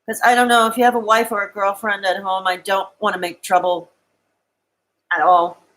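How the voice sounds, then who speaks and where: A woman's voice: medium pitch, level tone, moderate pace, a bit bright, poor audio. A woman on a live stream, talking to her chat in a rambling, distraught way, tearful at times, with bitter laughs between thoughts. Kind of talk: emotional live-stream monologue.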